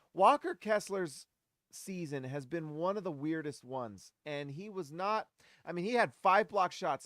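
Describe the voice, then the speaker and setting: High-voiced ranting man hosting a fan show. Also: no echo, clean studio sound. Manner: animated, ranting and exasperated; talks straight to the audience, shouts at players. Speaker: host of a basketball fan show. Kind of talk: casual post-game commentary.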